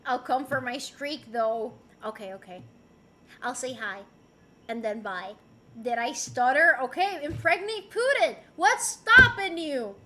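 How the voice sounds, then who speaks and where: Bright high-voiced woman streamer. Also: a little hiss or hum. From Puerto Rico. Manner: chatty, giggly, playful, answers chat messages. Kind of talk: casual livestream chat, reading chat aloud.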